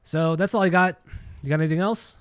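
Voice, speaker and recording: A man's voice: a little high, brisk, clean tone, dry recording. A man co-hosting a casual music podcast, talking in a blunt, opinionated way and swearing freely. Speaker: podcast co-host. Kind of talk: casual chat about music and records.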